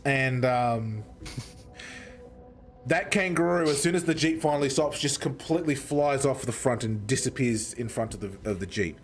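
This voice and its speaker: A young man, telling a story in a casual, animated way and swearing heavily as he goes. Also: medium pitch, normal speed. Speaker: streamer.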